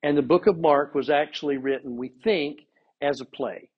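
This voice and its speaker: A man teaching an informal scripture class, animated and lively, acting out quotes with plenty of voice inflection. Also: a little high, normal speed, husky, lo-fi sound.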